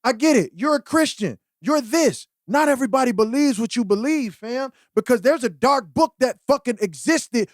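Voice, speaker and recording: A man's voice: very high voice, expressive, moderate pace, few pauses, no room sound, clean studio sound. A man co-hosting a podcast in casual chat, blunt, profane and impassioned. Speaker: podcast co-host.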